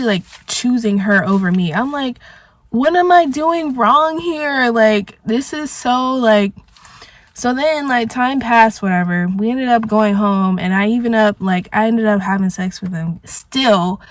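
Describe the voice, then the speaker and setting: A woman's voice: medium pitch, dry recording. A young woman telling an emotional, rambling storytime vlog, full of "like". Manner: emotional, rambling, heavy use of filler "like". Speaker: vlogger. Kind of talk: storytime vlog while smoking.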